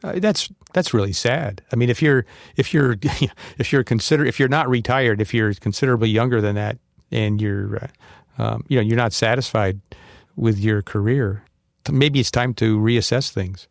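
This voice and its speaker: A man's voice: medium pitch, moderate pace, gravelly, dry recording, studio quality. A man speaking as a podcast guest in a thoughtful, hesitant way with many fillers. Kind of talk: casual chat.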